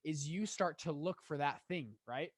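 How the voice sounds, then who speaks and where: A young man in his twenties, a guest on a podcast, telling his story in a lively way with many restarts. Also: on the high side, no echo, clean studio sound. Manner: animated, quick storyteller with laughs and restarts. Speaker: guest, fund manager. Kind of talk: casual storytelling in an interview.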